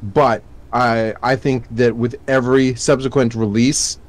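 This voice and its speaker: A man's voice: mid-range voice, steady tone, measured pace, a little hiss or hum. A man co-hosting a casual gaming podcast, a chatty storyteller who laughs often. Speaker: podcast co-host. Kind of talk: casual chat.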